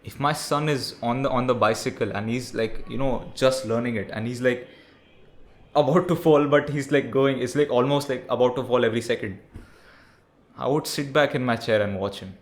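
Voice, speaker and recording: A man's voice: mid-range voice, moderate pace. A young man, ranting bluntly and profanely about parenting, peppering his talk with "bro". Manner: blunt, profane, preachy, says "bro" often. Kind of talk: ranting monologue.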